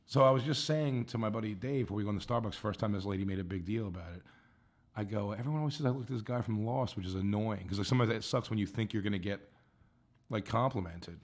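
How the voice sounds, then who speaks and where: Man rambling through funny stories. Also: fast. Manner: rambling storyteller, acts out quotes in higher voices, laughs a lot. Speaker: guest comedian. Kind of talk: casual podcast chat.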